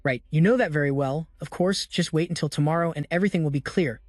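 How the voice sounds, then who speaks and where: Cold blunt young male saint, curt, indifferent, higher tone, dry sound, man reading. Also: quick pace, a little mellow, no room sound, soft background music, lightly acted.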